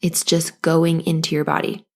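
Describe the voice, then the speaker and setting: Gentle woman coaching through anxiety. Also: low voice, monotone, moderate pace, vocal fry. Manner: gentle, coaching, acts out anxious inner voices. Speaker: podcast host, postpartum coach. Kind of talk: solo podcast talk.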